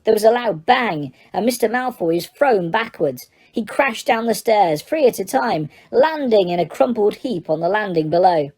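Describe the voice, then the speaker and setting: A woman narrating an audiobook in a steady, even storytelling manner. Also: medium pitch, moderate pace, few pauses. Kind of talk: scripted narration.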